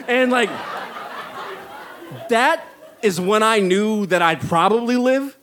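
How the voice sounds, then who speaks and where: A man's voice: high voice, moderate pace. Chatty man telling a story. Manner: rambling, many likes and uhs, animated when excited. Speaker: stand-up comedian and storyteller. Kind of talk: storytelling monologue.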